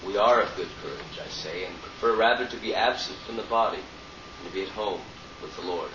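A male student reading a scripture passage aloud in class in a steady, careful way. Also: fairly low pitch, brisk, reverberant. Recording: hissy, muffled, distant classroom recording.

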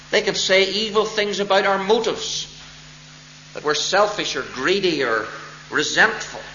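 A man preaching a sermon as pastor, expounding a text deliberately and stressing key words with emphatic rises. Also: high voice, bright, forceful tone, slight background noise. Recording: roomy, dull lo-fi church recording.

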